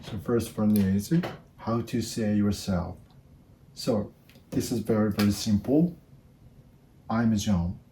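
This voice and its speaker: A Japanese man in his fifties with a Japanese accent, teaching basic phrases in casual, halting English, often repeating words and restarting. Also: lowish voice, fairly even intonation, mellow, slight background noise. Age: 50s. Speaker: language teacher. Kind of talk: casual spoken lesson.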